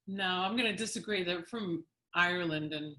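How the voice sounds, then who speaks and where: A woman hosting an interview show, chatty and lively, laughing often as she talks. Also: lowish voice, moderate pace. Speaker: show host. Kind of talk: casual interview conversation. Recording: echoey room.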